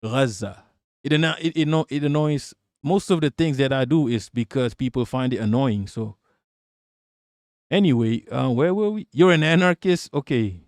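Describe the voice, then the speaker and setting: A man's voice: mid-range voice, expressive, moderate pace, dry recording, studio quality. A man hosting a live political stream, reading chat and ranting with a lot of swearing. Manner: profane, ranting, talks back to chat.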